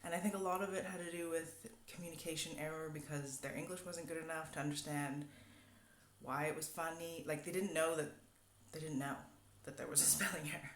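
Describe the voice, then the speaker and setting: A woman's voice: sits low, steady tone, brisk, a little hiss or hum. Woman telling a rambling story. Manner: rambling, many fillers. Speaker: vlogger. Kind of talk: casual storytelling. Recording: echoey room.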